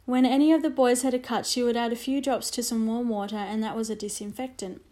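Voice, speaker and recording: A woman reading a children's storybook aloud in a measured, expressive way. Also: fairly high pitch. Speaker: narrator.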